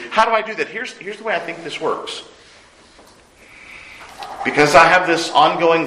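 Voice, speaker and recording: Guy preaching a sermon, bright forceful voice, roomy echo, goes loud then real quiet. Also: high voice. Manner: earnest, swinging between loud emphasis and hushed lines. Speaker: pastor.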